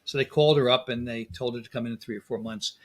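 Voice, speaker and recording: A man, a dentist guest in a casual interview, telling lively anecdotes and acting out dialogue. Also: mid-range voice, fast.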